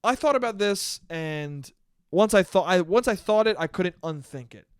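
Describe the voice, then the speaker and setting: Rambling, profane young man, high voice. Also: animated, moderate pace, smooth, dry recording, studio quality. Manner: rambling, profane, self-interrupting, laughs often. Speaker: podcast host. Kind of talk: casual solo podcast monologue.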